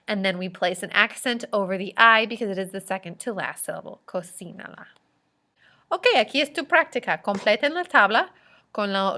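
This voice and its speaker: Bright-voiced woman teaching Spanish grammar. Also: mid-range voice. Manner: explains slowly, switching between Spanish examples and English explanations. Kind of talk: recorded grammar lesson narration.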